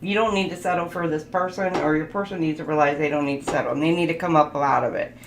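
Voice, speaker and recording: A tarot reader with a low-pitched, steady voice talks fast during a casual reading. She's chatty and laughs often, listing card keywords as she goes, in a roomy recording with faint background noise.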